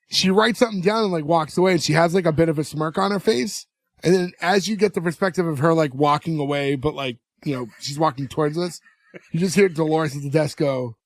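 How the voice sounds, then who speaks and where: A man's voice: on the high side, fairly quick, no echo. A man co-hosting a podcast, casually retelling a TV episode scene by scene and acting out bits of dialogue. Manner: animated storyteller acting out dialogue. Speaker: podcast co-host recapping an episode.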